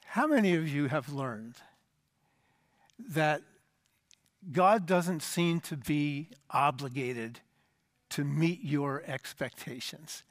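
A man delivers a sermon, explaining scripture with emphasis. His voice sits high for a man and often sinks low and soft at the end of a phrase. The recording is dry and close. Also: lively intonation, slow pace, pauses often, no room sound. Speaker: preacher.

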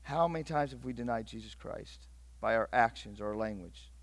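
A middle-aged man from Northeast Ohio preaching a sermon, swinging between loud urgent bursts and hushed, intimate passages. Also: mid-range voice, a little fast, no echo. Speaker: pastor.

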